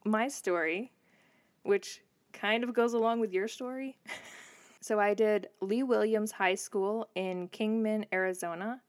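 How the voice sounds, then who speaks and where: A woman's voice: mid-range voice, measured pace. A woman co-hosting a podcast, mixing casual chat with history she has researched. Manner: relaxed, reads history notes between chat. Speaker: podcast co-host.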